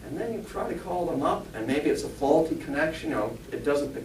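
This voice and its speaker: A man's voice: animated, brisk. A man, a spiritualist pastor and medium, giving a conversational sermon, joking and asking the congregation rhetorical questions. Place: church hall. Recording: echoey church, mic far off, faint rumble.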